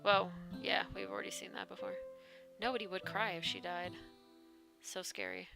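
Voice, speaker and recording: A woman's voice: mid-range voice, flat delivery, normal speed, creaky, music in the background. A woman streaming a game, chatting casually, reading game text aloud and swearing now and then. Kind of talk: casual live-stream commentary.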